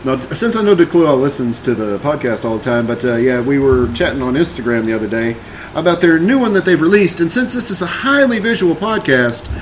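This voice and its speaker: A man's voice: on the high side, expressive, brisk, slight background noise, poor audio. A man co-hosting a casual podcast chat, stammering and restarting often. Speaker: podcast co-host.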